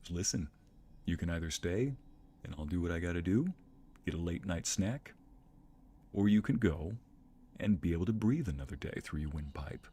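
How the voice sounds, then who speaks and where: A man voicing a stoic, tough male guard dog who makes calm, matter-of-fact threats in a low, quiet voice. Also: normal speed, pauses often, slightly rough. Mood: calmly menacing.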